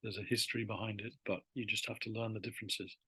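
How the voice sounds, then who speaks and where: A man explaining spelling and vocabulary differences in a chatty, rambling lesson, slowing down to spell words out. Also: on the low side, steady tone, bright, forceful tone, breathy edge, no echo. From Britain. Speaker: English teacher. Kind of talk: casual classroom explanation.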